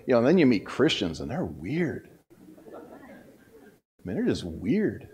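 A male pastor preaching a sermon in a church, telling a personal story in a conversational way that swings between loud bursts and hushed asides. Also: high voice, animated, brisk.

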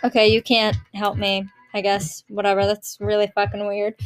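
A woman's voice: medium pitch, completely flat delivery, normal speed, faint music behind. A young woman chatting casually to her viewers, rambling and swearing with giggles. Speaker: vlogger. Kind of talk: casual chat.

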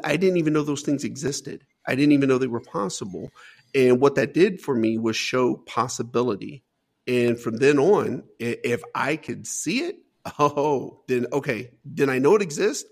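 A man's voice: mid-range voice, gravelly. A middle-aged man, an interview guest, telling an emotional personal story in an earnest way, often repeating words and saying "man".

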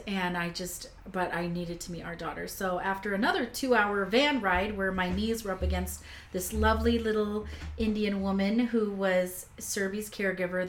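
A woman telling a personal story in a casual conversation, talkative and emotional, with many fillers and restarts. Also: mid-range voice. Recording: echoey room with faint background noise. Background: faint kitchen sounds.

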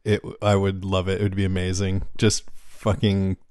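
A man's voice: deep voice, completely flat delivery, moderate pace, darkish tone, a little hiss or hum. A man co-hosting a casual podcast, easygoing and stumbling over restarts as he wraps up the show. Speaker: podcast co-host. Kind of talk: casual chat, show outro.

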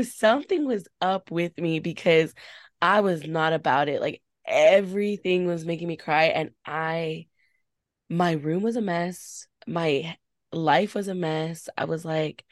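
A woman's voice: low-pitched, takes it slowly, no echo, studio quality. A woman co-hosting a casual podcast, talking openly and swearing with lots of "like". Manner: chatty, confessional, swearing, full of "like". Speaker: podcast co-host. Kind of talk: casual chat.

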